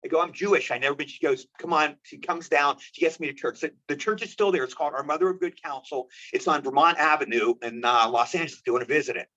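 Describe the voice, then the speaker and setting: A man from the United States, an actor, telling animated anecdotes as an interview guest. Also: on the high side, fast talker, hardly any pauses. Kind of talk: storytelling interview. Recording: dull lo-fi audio.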